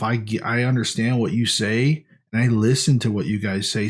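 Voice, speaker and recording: A man talking casually in a diet vlog, earnest and rambling with frequent restarts. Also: medium pitch. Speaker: vlogger.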